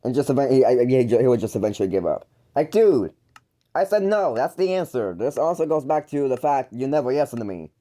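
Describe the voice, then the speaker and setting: A YouTuber rants into the camera to call out his older brother, mocking and exasperated, rambling with frequent stumbles and restarts. His medium-pitched voice is brisk and dark-toned, with big pitch swings.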